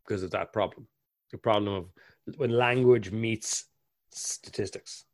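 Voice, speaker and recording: Irish man, lively chatty storyteller. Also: on the low side, unhurried, no echo, clean studio sound. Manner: animated storyteller, bursts into lively impressions. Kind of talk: casual conversation.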